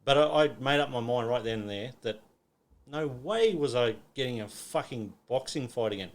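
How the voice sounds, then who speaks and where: A man's voice: mid-range voice, expressive, normal speed. A middle-aged Australian man telling a story in casual chat, acting out quotes and swearing a lot. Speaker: podcast guest.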